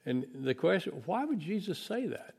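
A man's voice: sits high, very animated, normal speed, vocal fry, darkish tone, slightly rough. A man preaching a conversational Bible lesson, folksy and plain-spoken, acting out quoted voices as he goes. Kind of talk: sermon.

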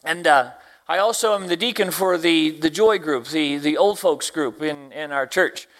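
A man preaching a sermon, a deacon and Sunday school teacher who quotes scripture slowly and swings from hushed lines to loud exclamations. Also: a little high. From Tennessee, US. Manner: quotes scripture in slow, drawn-out phrasing.

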